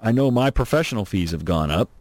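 A man hosting an opinionated political talk radio show from Southern California, animated, sarcastic and emphatic. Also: on the low side, fast, no echo. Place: radio studio.

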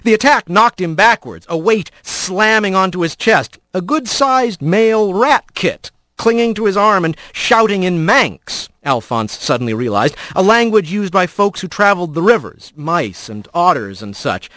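A man reads an audiobook in an expressive storytelling style, voicing the characters as he goes. His voice sits a little high and swings widely in pitch. The sound is dry and close. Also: moderate pace, few pauses, dry recording. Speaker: narrator. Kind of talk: scripted audiobook narration.

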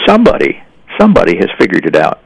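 A man's voice: deep voice, wildly swooping pitch, fast, creaky, slightly rough, dry recording, poor audio. An older man telling folksy stories in a rambling conversational way, often restarting his sentences. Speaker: guest. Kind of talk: storytelling in casual conversation.

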